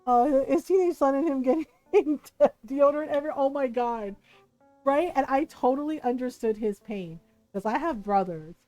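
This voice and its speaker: Woman streamer, high voice, chatty and playful, faint music behind. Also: lively intonation, moderate pace, dark tone, dry recording. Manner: chatty, storytelling, laughs often, playful quoted voices. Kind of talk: casual chat while playing a life-sim game.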